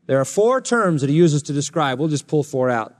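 A male pastor preaching an expository sermon, animated and jokey, slipping into mocking sarcastic voices. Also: a little high, brisk. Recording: long reverb of a large hall.

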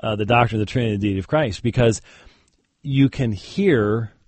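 A man's voice: lowish voice, fairly quick, a little mellow, no echo. A man who is a guest on an interview, a Christian debater telling a story casually with many fillers and chuckled asides. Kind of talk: conversational interview.

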